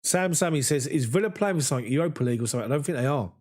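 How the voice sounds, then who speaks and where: A man, hosting a live fan chat after a match and reading viewer comments in an excitable, chatty way. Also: medium pitch, rapid-fire. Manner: excitable, chatty, mimics voices in anecdotes. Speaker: fan channel host.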